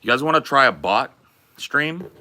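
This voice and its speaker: A man's voice: mid-range voice, lively intonation, normal speed, sharp tone, slight background noise. A man live streaming who chats casually with his viewers, joking around and swearing freely.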